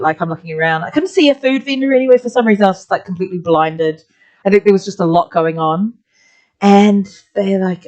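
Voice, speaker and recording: A woman's voice: mid-range voice, fast talker, a little mellow, dull audio. A woman with a New Zealand accent, an art teacher chatting through a rambling story while she colours a drawing. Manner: chatty, rambling, many "like" fillers.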